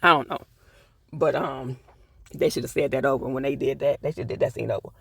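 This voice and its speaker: A man recapping and reviewing a TV episode, with animated, profane, indignant ranting. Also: mid-range voice, a little fast, gravelly, husky, dry recording. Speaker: TV show reviewer.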